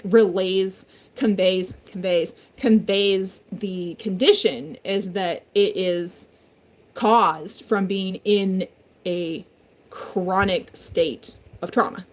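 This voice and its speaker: A woman talking casually in a rambling home vlog from her kitchen, her voice changed by a throat injury, full of fillers and swearing. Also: medium pitch. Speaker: vlogger.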